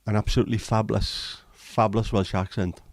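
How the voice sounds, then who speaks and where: His voice is on the low side and his pace a little fast as this man hosts a casual livestream, rambling and joking with viewers. Intonation is fairly even, and the recording is dry and studio quality.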